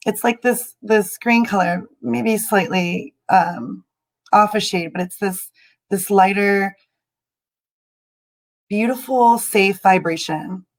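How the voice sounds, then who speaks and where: A woman hosting a live stream as a spiritual healer, guiding a meditation in a soft, halting, emotional way with many ums, and she is tearful. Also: mid-range voice, low-quality recording. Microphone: computer mic on a live stream.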